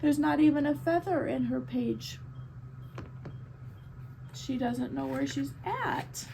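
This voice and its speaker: A woman reading a picture book aloud at a bookstore storytime, expressive and chatting with the children between pages. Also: sits high, slow pace, vocal fry, noisy background.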